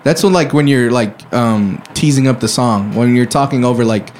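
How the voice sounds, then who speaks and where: A man's voice: medium pitch, darkish tone, slight background noise. A man who produces and co-hosts a podcast, joking around in casual banter. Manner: joking, playful, quick to interrupt. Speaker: producer and co-host.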